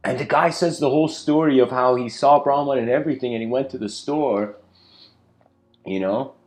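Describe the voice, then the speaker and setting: A man giving a spiritual lecture in a casual, rambling storytelling way, full of "you know" and "like", slowing down to stress key points. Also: medium pitch, darkish tone.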